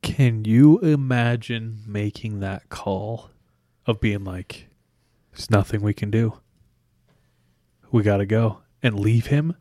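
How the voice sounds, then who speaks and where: A man's voice: on the low side, dark tone, no echo, clean studio sound. A man co-hosting a podcast, reacting with jokes and questions in casual chat. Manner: joking, reactive, quick to laugh. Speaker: podcast co-host.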